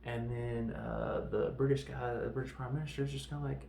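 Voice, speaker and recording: A man with a dark, gravelly voice retells a film scene by scene in a loose, rambling podcast recap. He acts out the characters' lines and adds sound effects as he goes. The recording is roomy and echoey, with a faint hiss of noise behind him. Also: mid-range voice, fairly even intonation, a little fast. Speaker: podcast host reviewing films. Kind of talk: casual movie recap.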